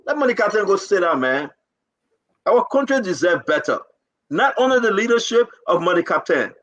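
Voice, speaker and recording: A man's voice: very high voice, pushed and bright, rough recording. A man with a Liberian English accent, hosting a live talk show and pleading his case with passion and repetition.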